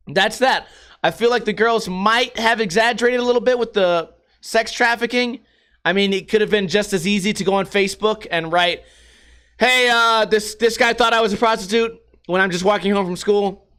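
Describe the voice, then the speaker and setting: Here a young man from the United States, voice high-pitched and a little bright, hosts a casual podcast by himself. He laughs and swears frequently while telling his stories.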